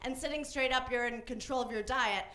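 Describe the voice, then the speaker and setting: A young woman doing a deadpan stand-up set on a comedy club stage, switching into voices for the people she quotes. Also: high voice, a little fast. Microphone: handheld stage mic. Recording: live club recording with room echo and crowd. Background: audience laughter.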